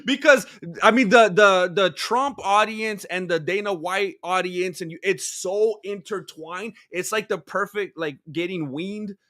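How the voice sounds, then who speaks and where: A man's voice: sits high, a little slow, few pauses, sharp tone, no echo, clean studio sound. A man co-hosting a podcast in casual chat, opinionated and rambling. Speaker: podcast co-host.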